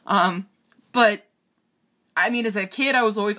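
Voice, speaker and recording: Tearful young woman, bright voice. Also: mid-range voice. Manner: halting and emotional, with nervous laughs and sighs. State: tearful, on the verge of crying. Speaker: vlogger. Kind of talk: personal vlog confession.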